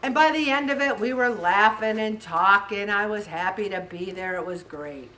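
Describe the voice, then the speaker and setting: A middle-aged woman giving a casual motivational talk to a faith group, animated and laughing often as she tells stories. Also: medium pitch, normal speed, recorded from a distance.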